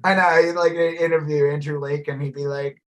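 A man's voice: fairly high pitch, brisk. Rambling, swearing male podcast co-host. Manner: rambling, animated, swears freely and mimics posh voices. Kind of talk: casual chat.

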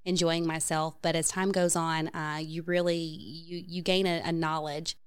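A woman's voice: low-pitched, level tone, measured pace, smooth. A woman from Tennessee and Virginia hosting an interview, agreeable and chatty with frequent fillers. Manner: friendly, agreeable, many fillers. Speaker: interviewer, host. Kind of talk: conversational interview.

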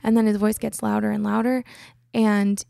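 A woman's voice: medium pitch, level tone, normal speed, vocal fry, warm tone, no echo. A young adult woman hosting a podcast, telling a personal story in a casual, chatty way full of "like" fillers. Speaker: podcast host.

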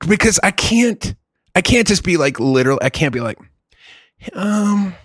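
A man telling stories in casual chat, animated and swearing, saying "dude" a lot. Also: sits high, measured pace, dry recording, clean studio sound.

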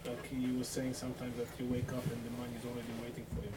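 A man from the audience shares his experience in a halting way, with many restarts. His voice stays flat and level. He is picked up from far off, with clear background noise in the recording. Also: mid-range voice. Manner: hesitant, full of restarts, halting. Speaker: questioner from the audience. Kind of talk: personal sharing in a talk. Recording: distant mic with noticeable background noise.

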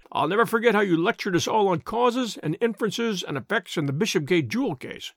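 A man voicing a stout, pompous police inspector in an audiobook, with a husky, wheezing voice and a loud, boastful manner. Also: high-pitched, expressive, brisk, no room sound, studio quality. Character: stout blustering middle-aged police inspector. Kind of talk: audiobook character voice.

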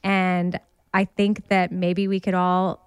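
A woman's voice: fairly low pitch, little pitch movement, slow pace, clean tone, no room sound. A woman with a Southern US accent, co-hosting a casual podcast chat over a video call and laughing often. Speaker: podcast co-host. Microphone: remote video call.

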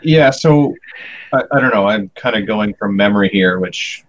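Loose, joking low-voiced man. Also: normal speed, muffled recording. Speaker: podcast co-host. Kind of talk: casual podcast chat.

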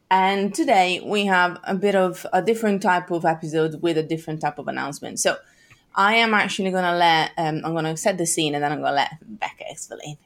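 A woman hosting a podcast, chatting in an upbeat, rambling way with restarts, tired and over-caffeinated. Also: lowish voice. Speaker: podcast host. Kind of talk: casual podcast chat.

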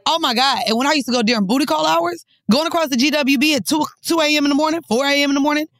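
A woman's voice: high-pitched, racing, fairly bright tone, no room sound, studio quality. A woman from New York co-hosting a podcast, talking in a blunt, profane, emphatic way. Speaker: podcast co-host. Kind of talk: casual chat.

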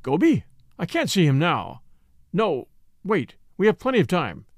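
A man voicing a gruff, commanding middle-aged millionaire father in an audiobook, talking bluntly and curtly. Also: high-pitched, wildly swooping pitch, unhurried, no echo, studio quality, full character voice. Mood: curt, urgent.

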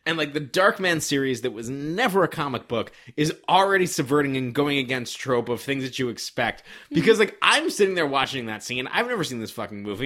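A man in casual movie-review chat, animated, swearing and laughing often. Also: medium pitch, a little fast.

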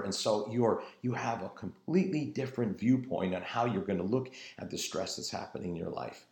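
A man's voice: lowish voice, a little fast, vocal fry, few pauses, a little mellow. A man preaching a sermon in an earnest, emphatic way, drawing out his phrases. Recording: roomy echo.

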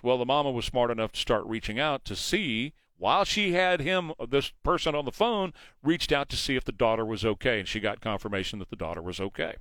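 A man's voice: mid-range voice, fairly quick, hardly any pauses, a bit bright, no room sound. A man hosting a morning news talk show, talking emphatically and asking rhetorical questions into a studio mic. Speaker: radio talk show host.

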